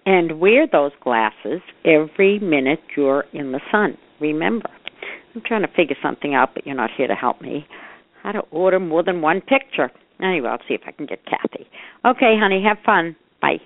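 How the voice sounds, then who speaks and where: An older woman rambles fondly through a voicemail message, her fairly low voice rising and dipping in wide, lively swings. The sound is narrow and boxy, as if heard through a telephone line. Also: moderate pace. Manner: chatty, rambling, affectionate. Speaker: mother leaving voicemails.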